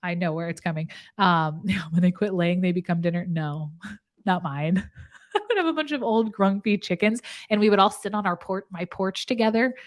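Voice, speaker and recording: A woman nurse practitioner chats casually with her viewers in a live session, speaking at a normal pace in a fairly low voice. She's talkative and often laughs partway through her sentences.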